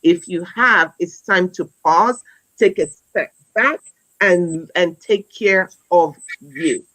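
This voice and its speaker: Speaking slowly in a lowish, fairly bright voice, this woman in her forties is an educator telling a conversational story on a wellness talk; the audio is poor. She's earnest, restarting often and repeating words, and her final words urge listeners on.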